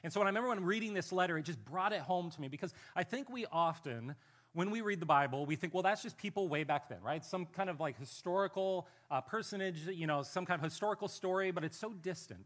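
A male pastor delivering a conversational sermon to his church. His voice sits a little high, and he talks in a relaxed, self-deprecating way, slowing down and going soft when he reads aloud.

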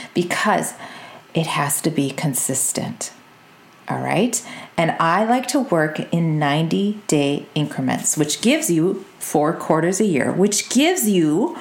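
A woman, coaching her listeners in an energetic, direct podcast talk and checking in with "okay?" and "y'all". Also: fairly low pitch, echoey room. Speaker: business coach and podcast host.

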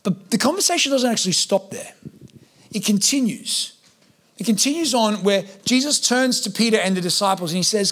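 A man's voice: high voice, animated, moderate pace, a bit bright. A man preaching a sermon as a pastor, humorous and acting out the voices he quotes. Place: church hall with congregation.

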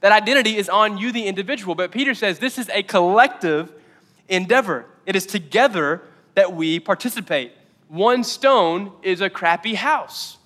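A man preaching a sermon as pastor, energetic and quick to joke in asides. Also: high voice, in a large hall. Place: church auditorium.

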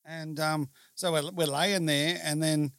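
A man's voice: fairly high pitch, fairly even intonation, a little slow, a bit bright, dry recording, studio quality. A man in a casual chat telling a story with humour, acting out what people said. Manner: jokey storyteller, acts out quotes.

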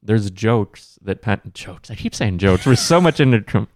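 A man's voice: fairly low pitch, expressive, normal speed, darkish tone, dry recording, clean studio sound. A man co-hosting a casual podcast, talking in an earnest, motivational way with the odd corny joke. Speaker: podcast co-host.

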